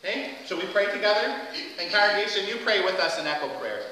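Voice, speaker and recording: High, bright man talking to children. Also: fast talker, slight background noise. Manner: gentle, questioning, playful with children. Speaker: children's message leader. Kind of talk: children's sermon. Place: church sanctuary. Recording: echoey church hall from far off.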